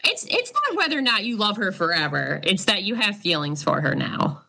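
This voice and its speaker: A woman's voice: mid-range voice, big pitch swings, moderate pace, vocal fry, bright, forceful tone. A woman narrating as game master in a tabletop role-playing game, loose and full of fillers.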